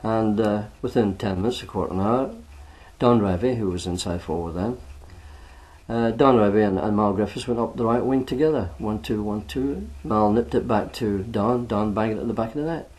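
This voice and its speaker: Low-voiced older man chatting about football. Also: moderate pace, a little mellow. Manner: chatty, peppered with "you know". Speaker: retired footballer. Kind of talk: reminiscing oral history.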